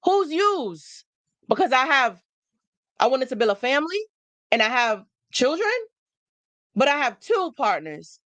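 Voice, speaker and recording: A woman hosts a live stream, giving a motivational talk to viewers in a high-pitched, very animated voice at normal speed, with long pauses and a somewhat bright tone in a dry recording. She speaks emphatically and preachily, repeating phrases for effect.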